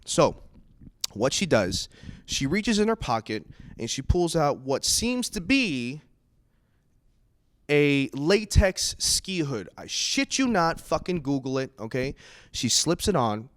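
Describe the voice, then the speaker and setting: Young male comic with an animated, swinging delivery, recorded dry and close. Casual and profane, with loud exasperated outbursts. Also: fairly high pitch, slow pace, no room sound. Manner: profane, conversational. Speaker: stand-up comedian. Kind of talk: stand-up comedy set.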